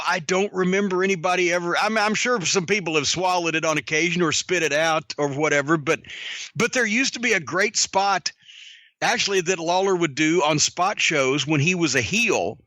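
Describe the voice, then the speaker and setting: A man hosting a podcast and telling a story in a profane, animated way. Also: high voice, moderate pace, no room sound. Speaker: podcast host.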